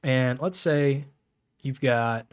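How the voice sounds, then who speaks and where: A man's voice: medium pitch, slow pace, clean tone. Chatty young male game coach. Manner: rambling with many fillers, grows lively and emphatic. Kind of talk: casual coaching talk to camera.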